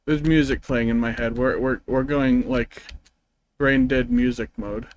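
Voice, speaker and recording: A man's voice: medium pitch, steady tone, measured pace, poor audio. A man streaming a game, chatting casually in a rambling, joking, self-deprecating way. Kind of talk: casual gameplay stream chat.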